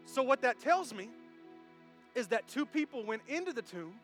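A man preaching a sermon to his congregation, animated and jokey, who talks straight to the crowd. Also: extremely high pitch, moderate pace, over music. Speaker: pastor. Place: church service.

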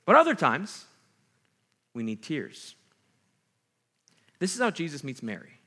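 A man's voice: mid-range voice, very animated, moderate pace, long pauses, pushed and bright, slightly rough. A young adult man, a pastor, giving a sermon in a conversational way, with jokey asides and acted-out quotes.

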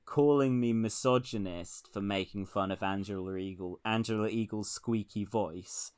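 A man's voice: fairly low pitch, moderate pace, darkish tone, clear, resonant tone. A man co-hosting a casual political podcast, wry and rambling, often laughing at his own jokes. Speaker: podcast co-host.

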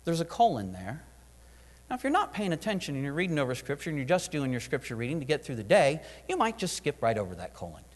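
Animated preacher man in a reverberant hall. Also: on the high side, quick pace. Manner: animated, acts out prayers and dialogue in varied voices. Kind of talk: sermon.

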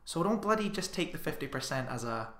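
An opinionated man co-hosting a podcast, making his points with animated emphasis and the odd swear word. His voice is bright and forceful, and it echoes in a roomy space. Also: on the high side, brisk. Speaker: podcast co-host. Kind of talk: casual chat.

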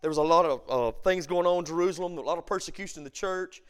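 A man, a pastor teaching a Bible study, who swings from shouted emphasis to quiet storytelling. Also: on the high side, fast, smooth. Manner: preacher who shouts for emphasis, then tells stories softly.

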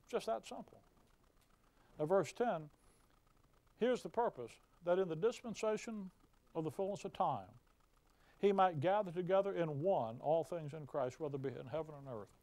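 A man's voice: fairly high pitch, moderate pace, pauses often, darkish tone, dry recording. A man preaching a fiery sermon, folksy and emphatic, with mocking asides.

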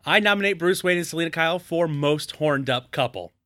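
A man's voice: a little high, fairly quick, dry recording, clean studio sound. A man co-hosting a podcast, recapping a movie in casual chat and acting out characters' lines with jokes. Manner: animated, jokey, acts out quoted characters. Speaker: podcast co-host.

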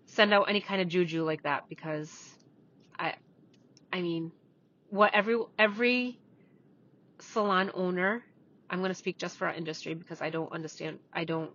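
A woman's voice: lowish voice, moderate pace, long pauses, a bit bright. A woman co-hosting a podcast from inside a parked car, upbeat, agreeable and casual. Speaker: podcast co-host, salon owner. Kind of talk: casual chat. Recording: dull lo-fi sound.

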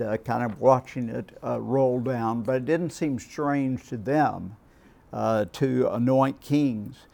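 A man leads a Bible class in a slow, deliberate way. His voice has a gravelly edge. He restarts phrases and pauses often as he works through his points. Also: mid-range voice, darkish tone. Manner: unhurried, thoughtful, with frequent restarts and "uh". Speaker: Bible study teacher. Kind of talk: Bible class lecture with discussion.

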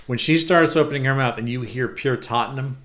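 Male podcast co-host, mid-pitched, rambling and digressive, casual delivery. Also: brisk, a bit bright. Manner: rambling, digressive with many restarts. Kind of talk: casual chat.

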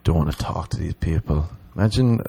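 A man's voice: low-pitched, a little fast, vocal fry, mellow, slightly rough, dry recording. A man, a podcast host, telling rambling, profane comic stories in a casual monologue. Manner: rambling, profane storytelling that slips into mock voices. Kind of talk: comedic monologue.

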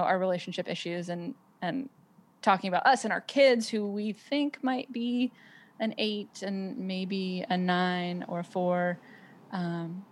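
Reflective woman, lowish voice, many fillers. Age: adult with children. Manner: reflective, filler-heavy, frequent restarts. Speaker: podcast guest. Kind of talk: casual conversation.

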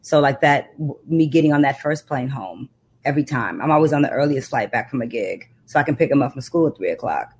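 A woman's voice: animated, darkish tone, husky. Poet woman with a rhythmic, impassioned delivery. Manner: slow, rhythmic, impassioned reciting; low-key, reflective talk with fillers. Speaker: poet and author. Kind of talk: spoken-word poem recital and interview talk.

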